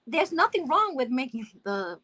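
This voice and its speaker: A woman with a high, bright voice chatting casually about boxing. She talks with animated energy, swears freely and slips into mocking voices of angry fans. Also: normal speed. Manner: animated, swearing, laughing often, acts out fans.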